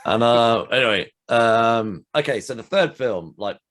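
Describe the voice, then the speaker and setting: A man's voice: mid-range voice, expressive, measured pace, fairly bright tone. A man with an English accent hosting a casual podcast chat over a remote call, rambling with lots of fillers. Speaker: podcast host. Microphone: remote call mic.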